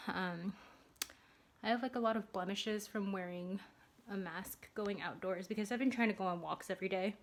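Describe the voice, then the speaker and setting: A young adult woman vlogging casually at home, chatty and rambling, with lots of fillers. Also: mid-range voice. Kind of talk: casual vlog chat.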